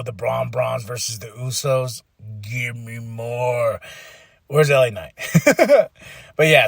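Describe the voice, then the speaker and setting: A man hosting his own podcast, giving an animated solo recap, acting out quotes and breaking into excited shouts. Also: mid-range voice, gravelly, no echo, studio quality. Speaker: podcast host reviewing wrestling.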